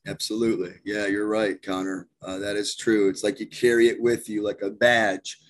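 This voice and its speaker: A male podcast co-host with a fairly low voice. He talks in an agreeable, musing way during casual chat. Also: level tone, moderate pace.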